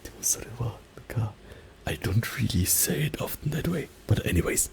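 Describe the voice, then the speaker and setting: A man with a German accent, a native German speaker, doing soft-spoken ASMR talk with gentle, playful whispering into a binaural mic. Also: mid-range voice, very animated, moderate pace, gravelly, poor audio. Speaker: ASMR creator. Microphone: binaural microphone.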